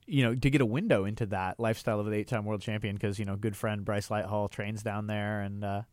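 A man's voice: on the low side, fairly even intonation, quick pace, darkish tone, no echo. A man hosting a radio show, chatty and enthusiastic as he talks with a guest in the studio. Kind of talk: casual radio interview. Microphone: studio mic.

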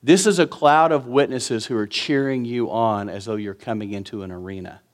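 A man's voice: medium pitch, moderate pace. A man, preaching a sermon in an earnest, conversational way with emphatic repetition. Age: 50s. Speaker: pastor.

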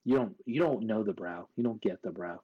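A man's voice: lowish voice, fairly quick, dark tone, highs cut off. A man co-hosting a sports podcast in casual chat, brash and riled up, with plenty of cursing. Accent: put-on accent at times. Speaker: podcast co-host.

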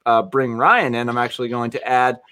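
A man's voice: mid-range voice, fairly quick, bright, forceful tone, smooth. A male podcast host in casual, jokey chat. He rambles, stops and restarts his thoughts, and keeps a loose, friendly banter going with his guests.

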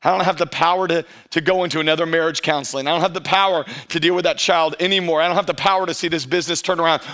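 A middle-aged male pastor with a notably high voice delivers an energetic sermon. He keeps a relaxed, conversational tone and often slows right down to stretch out important phrases. Now and then he briefly acts out how churchgoers might talk. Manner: stretches key phrases slowly for emphasis.

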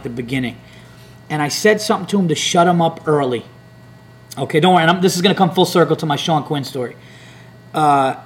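A man with a slightly raised pitch tells a long, swearing-laden story in casual podcast chat. He rambles and acts out other people's lines. A faint hum sits under the recording. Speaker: comedian podcast host.

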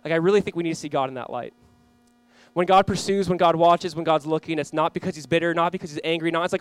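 A young adult male pastor preaching a sermon in a relaxed, conversational way, telling stories with lively asides and reading scripture aloud. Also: on the high side, clear, resonant tone, dry recording. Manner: conversational, animated storytelling with quick asides.

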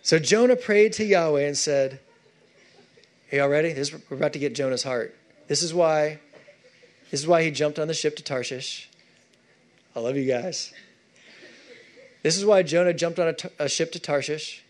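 Casting note: male pastor, lively, chatty sermon delivery, higher voice. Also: moderate pace, long pauses. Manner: animated, conversational preaching with asides to the congregation.

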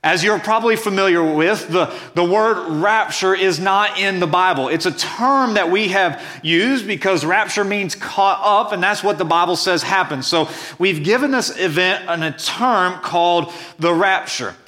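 A man's voice: high voice, measured pace, bright, forceful tone. A man preaching a sermon as pastor, reading scripture and explaining it earnestly and emphatically.

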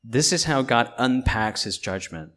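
A man preaching a sermon as pastor, earnest and emphatic, with pauses and fillers between points. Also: medium pitch, lively intonation, a bit bright.

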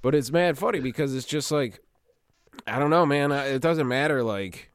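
A man's voice: mid-range voice, normal speed, no room sound, clean studio sound. A man chatting casually as a podcast host, swearing often, laughing, and acting out other people's voices in quotes. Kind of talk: casual chat.

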